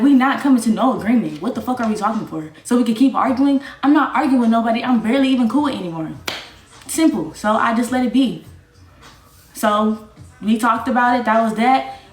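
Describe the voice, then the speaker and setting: A woman's voice: fairly high pitch, brisk. A young woman streamer, ranting bluntly and defiantly, swearing and repeating herself. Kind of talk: livestream rant. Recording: echoey room with faint music.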